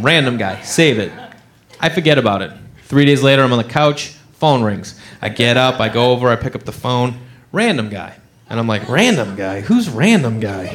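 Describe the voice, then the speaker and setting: A man doing stand-up comedy, telling a story and acting out the voices of the people in it. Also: a little high. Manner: animated, acts out characters' voices.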